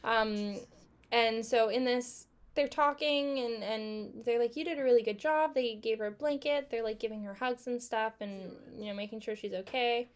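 A woman's voice: fairly high pitch, moderate pace, clean tone. A young woman co-hosting a casual chat, telling a story with lots of swearing and acted-out quotes. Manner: animated, swearing, acts out quotes. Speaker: podcast co-host.

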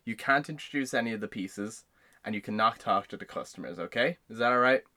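A man's voice: mid-range voice, a little fast, pushed and bright. A man voicing an effusive woman restaurant owner in a told joke, talking in an eager, gushing way.

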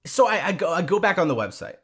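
A man co-hosting a podcast, telling a story in casual chat, animated and quick to swear, with many restarts. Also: sits high, husky. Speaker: podcast co-host.

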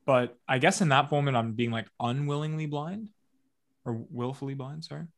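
A man's voice: mid-range voice, moderate pace, creaky. A man co-hosting a podcast, reflecting thoughtfully and reading from his notes. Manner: reflective, reads notes aloud. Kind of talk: casual podcast conversation.

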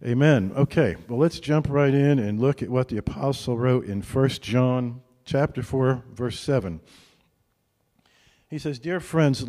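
With a long reverb tail trailing his words, a pastor in a mid-range male voice preaches in a laid-back, conversational manner. He regularly checks in with the congregation by asking a brief "right?"

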